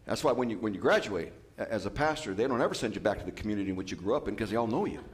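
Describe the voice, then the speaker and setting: A man's voice: on the low side, very fast, slight background noise. Guy pastor giving a sermon, voice swings up and down a lot, jokey asides. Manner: lively, animated preaching with asides and humor. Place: church.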